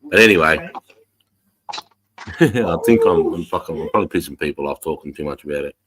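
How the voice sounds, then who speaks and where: A man's voice: rumbling low, normal speed, heavy background noise. An Australian man hosting a casual livestream chat, ranting with heavy swearing. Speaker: livestream host.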